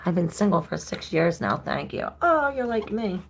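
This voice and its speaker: Gravelly low-voiced woman chatting. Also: big pitch swings, moderate pace, a little hiss or hum. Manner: loose, chatty, swears freely. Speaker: tarot reader. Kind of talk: casual tarot reading with storytelling.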